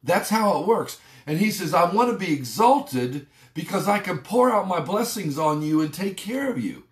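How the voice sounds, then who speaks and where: A man's voice: high-pitched, very animated, moderate pace. A man pastor giving a conversational, emphatic devotional sermon. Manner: conversational, emphatic preaching with rising exclamations. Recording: roomy echo.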